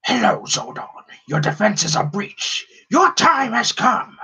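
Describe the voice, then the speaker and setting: A man doing an impression of a gloating alien warlord, with a raspy, half-whispered voice and slow, drawn-out taunts. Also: high-pitched, huge pitch swings, sharp tone, pitched above the performer's own voice, full character voice.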